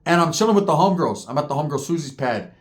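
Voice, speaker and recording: A man's voice: a little high, expressive. A man telling a story in a casual, profane way, full of slang and constant "right?" checks. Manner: acts out other people's lines in quick voices. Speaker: podcast guest telling a story.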